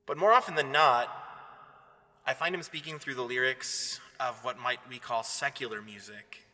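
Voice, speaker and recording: Bright-voiced priest in a reverberant hall. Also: male voice, mid-range voice. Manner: earnest, measured, reflective. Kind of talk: spoken devotional reflection.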